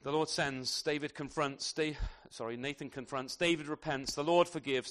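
A man preaching an expository sermon in a church, animated, asking his listeners rhetorical tag questions and restarting phrases as he goes. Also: a little high, moderate pace, few pauses. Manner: repeats words as he restarts phrases. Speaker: pastor.

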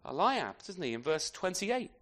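A man's voice: high voice, big pitch swings, normal speed, fairly bright tone. A man preaching an expository sermon in a conversational way, often turning his points into tag questions and adding self-deprecating asides.

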